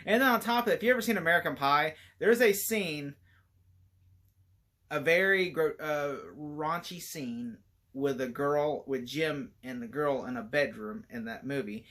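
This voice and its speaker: A man giving a casual, rambling movie review, animated and laughing often as he talks. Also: a little high, moderate pace.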